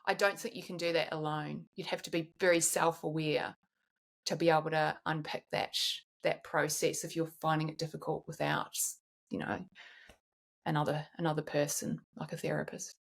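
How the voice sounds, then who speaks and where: A woman's voice: sits low, flat delivery, moderate pace, gravelly. A woman in her forties, a guest in a candid podcast conversation, talks in a reflective way and often restarts while she searches for words.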